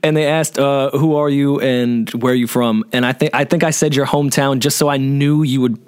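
A man co-hosting a podcast in easy, casual conversation. His voice sits at a middle pitch, and his tone is relaxed and teasing. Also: brisk, clean tone. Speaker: podcast co-host. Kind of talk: casual chat.

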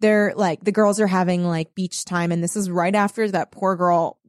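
A woman's voice: fairly low pitch, steady tone, moderate pace, dry recording. Young woman, chatty, mocking quotes, dry close mic. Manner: chatty, quotes characters in mocking voices, swears. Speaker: podcast co-host recapping a book. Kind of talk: casual chat.

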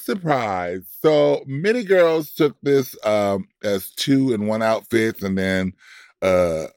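A man co-hosting a casual podcast chat, animated and drawling, laughing often. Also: medium pitch, no room sound, studio quality. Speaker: podcast co-host.

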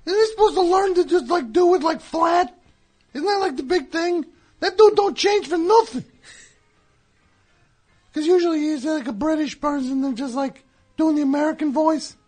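A man's voice: extremely high pitch, normal speed, pauses often, darkish tone. A man voicing a hacky, touchy male squirrel comic who tells corny jokes and grumbles, in a studio comedy bit. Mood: wisecracking. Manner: corny joke-telling, self-pitying grumbling. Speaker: recurring comedy character. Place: radio studio.

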